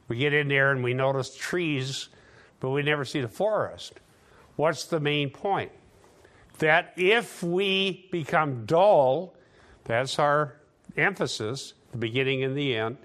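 A man delivering a sermon in a fairly high voice. He teaches in an easy, conversational way, dropping in sarcastic asides and pressing harder as his points build. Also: fairly bright tone. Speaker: preacher.

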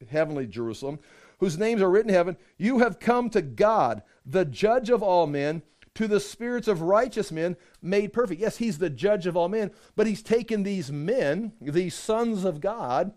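A male preacher with a high-pitched voice delivers an animated sermon. He reads scripture and breaks into quick acted-out asides to make his points. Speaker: pastor.

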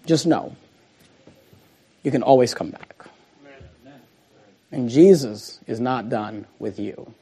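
A male pastor preaching a sermon and reading scripture, moving between loud emphasis and hushed, slowed lines. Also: medium pitch, slightly rough. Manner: dramatic swings between loud emphasis and hushed, slow delivery.

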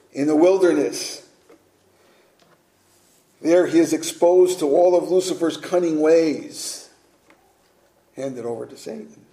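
Male pastor, sermon, earnest rhetorical questions, mellow slightly high voice, roomy church echo.

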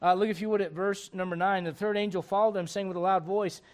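A man preaching a sermon in church, animated and digressive, with frequent asides to the congregation. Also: high-pitched, fast. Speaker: pastor. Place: church sanctuary.

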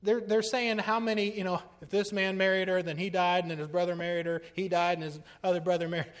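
A middle-aged man preaching, his voice sitting a bit higher than most men's. He presses his points with urgency, then drops low and quiet to let them land, and now and then laughs at himself. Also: level tone, fairly quick. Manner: earnest, swinging from urgent and loud to low and hushed; self-deprecating humor with small laughs. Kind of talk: sermon.

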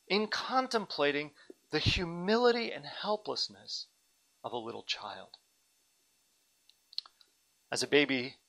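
Bright-voiced man preaching a sermon. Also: on the high side, gravelly, low-quality recording. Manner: earnest, dynamic preaching with asides. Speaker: pastor.

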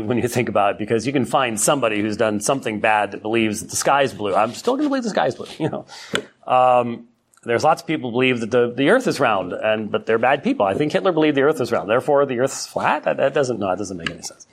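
Chatty man teaching church history. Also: medium pitch. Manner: conversational, many fillers and restarts, animated asides. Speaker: Sunday school teacher. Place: church classroom.

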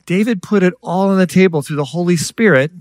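A man preaching a sermon in a lively storytelling way, acting out voices and joking with the congregation. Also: high-pitched, brisk, dry recording. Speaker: guest preacher. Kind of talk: sermon with stories.

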